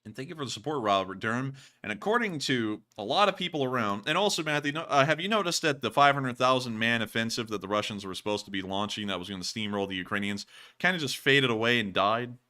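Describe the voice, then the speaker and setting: Hosting a livestream news chat, a man answers viewer questions in a rambling, conversational way packed with fillers. His medium-pitched voice is animated, fast, bright and forceful, though his throat is sore and he sounds about to cough.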